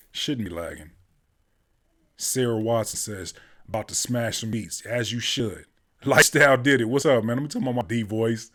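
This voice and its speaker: A man hosting a casual livestream, hoarse from a cold, chatting easily with viewers and laughing often. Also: mid-range voice, moderate pace, sharp tone. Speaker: host, rapper and music producer.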